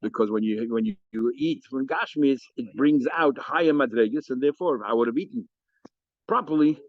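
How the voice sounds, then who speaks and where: Fast-talking rabbi teaching a Talmud class. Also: male voice, medium pitch, no room sound. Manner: lively, animated, explains and asks questions. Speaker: rabbi teaching daf yomi. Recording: muffled lo-fi sound.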